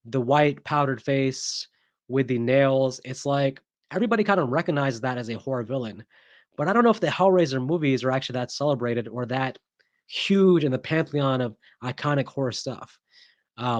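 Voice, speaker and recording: A man of middle pitch hosts a casual horror movie vlog, voicing his picks with strong opinions. He talks in a chatty, rambling way, full of ums and restarts. The sound is dry and close, with little room echo.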